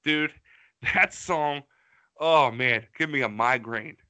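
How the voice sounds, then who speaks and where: A man's voice: medium pitch, slow pace, sharp tone, clear, resonant tone, no echo. A man co-hosting a podcast in casual chat, mocking songs with a profane, rambling manner. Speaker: podcast co-host.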